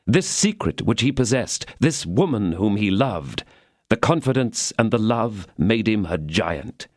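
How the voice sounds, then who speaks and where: A man narrating a classic novel as an audiobook, reading the prose in a measured, expressive way. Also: lowish voice, no room sound, studio quality. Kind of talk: scripted narration.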